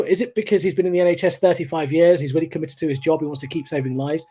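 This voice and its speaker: A man doing a stand-up comedy set over a video call, animated and telling stories with acted-out voices. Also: a little high, racing, hardly any pauses, a little hiss or hum.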